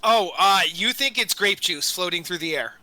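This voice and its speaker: A man running a tabletop game as dungeon master, narrating in a rambling way, full of fillers and quick self-corrections. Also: sits high, lively intonation, pushed and bright, dry recording, rough recording.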